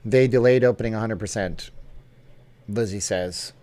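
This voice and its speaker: A man's voice: lowish voice, normal speed, a little mellow. A man hosting a casual live stream, chatting and joking as he answers viewer comments off the cuff.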